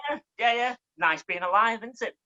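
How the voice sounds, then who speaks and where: Bright-voiced Mancunian man, punchy delivery. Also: sits high, highs cut off. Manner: fast, punchy delivery with swearing and wordplay. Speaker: guest poet. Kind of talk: performance poetry and casual chat.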